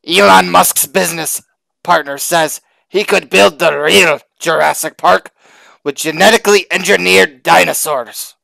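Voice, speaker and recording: Gravelly bright-voiced guy cracking jokes on a podcast, dry sound. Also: high voice, unhurried, no room sound. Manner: joking, shouts bits loudly. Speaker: podcast co-host. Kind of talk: casual comedic podcast banter.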